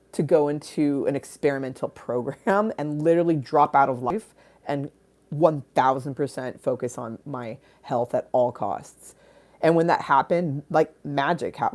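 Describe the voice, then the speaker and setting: Low-voiced woman rambling candidly on a livestream. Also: darkish tone. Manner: rambling, candid, laughs and swears often. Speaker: livestream host. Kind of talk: casual livestream chat.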